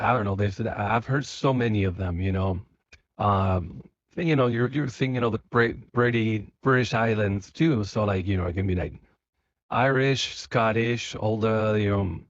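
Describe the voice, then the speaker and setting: A man's voice: fairly low pitch, dry recording, highs cut off. Rambling man talking while driving. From Spain. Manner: rambling, many fillers and restarts. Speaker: vlogger. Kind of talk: casual monologue while driving. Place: car.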